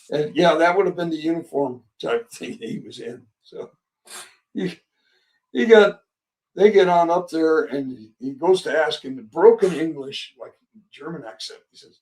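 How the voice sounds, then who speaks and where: A man in his seventies, a veteran guest, tells a long story with many halting pauses and chuckles. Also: on the high side, lively intonation, darkish tone, distant mic. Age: 70s. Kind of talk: storytelling interview.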